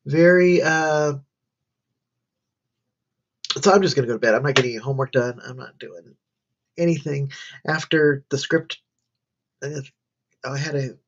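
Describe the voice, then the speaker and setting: Woman, tired, rambling livestream diary, college student, muffled lo-fi sound. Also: very deep voice. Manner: rambling, wandering chat. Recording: dull lo-fi stream audio.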